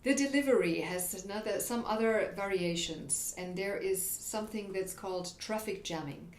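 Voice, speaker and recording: A woman's voice: mid-range voice, normal speed, few pauses. A woman voice coach explaining vocal habits in an instructional talk, illustrating points with demonstrations. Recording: roomy echo, faint background noise.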